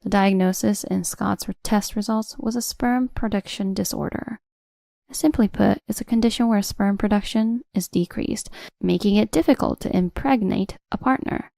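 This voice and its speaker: A woman narrates a first-person family drama in a cool, steady manner. Her voice has a gravelly, creaky texture and sits in the middle of the pitch range. She was recorded on a close mic in a dry room. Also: moderate pace, no echo.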